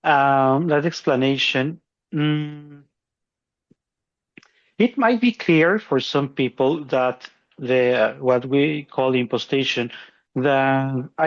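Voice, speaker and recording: Self-mocking man with a lo-fi sound. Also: mid-range voice. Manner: laughs often, self-deprecating. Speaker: podcast co-host. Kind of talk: casual explanatory chat.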